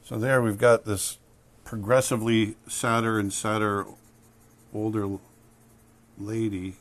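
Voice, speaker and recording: Low-voiced man teaching drawing. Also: measured pace. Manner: relaxed, thinking aloud while drawing. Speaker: drawing instructor. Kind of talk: drawing tutorial narration.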